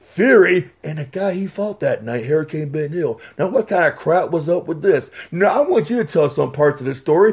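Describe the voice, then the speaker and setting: A man's voice: sits high, darkish tone. A man telling a wrestling story as a podcast guest, boisterous and profane, acting out the scenes.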